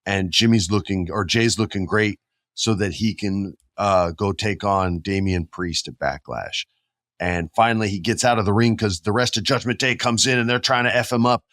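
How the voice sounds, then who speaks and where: A man with a fairly low voice hosts a casual podcast, spinning animated stories and throwing in voices and sound effects. He is recorded close and dry, with no room around him. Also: moderate pace, no room sound. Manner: animated storyteller, acts out quotes and sound effects. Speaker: podcast host.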